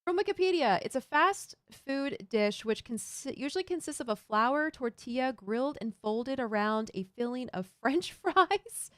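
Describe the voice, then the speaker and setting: Woman streamer rambling while she builds, kinda high voice, smooth and dry sounding. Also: lively intonation, normal speed, few pauses, dry recording. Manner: chatty, thinking aloud, reads chat. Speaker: Minecraft streamer. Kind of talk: casual live-stream commentary while building.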